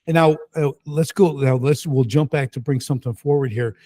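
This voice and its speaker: Middle-aged man, energetic guest storyteller, mid-pitched, punchy and emphatic. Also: a little fast. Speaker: guest entrepreneur. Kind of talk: casual storytelling.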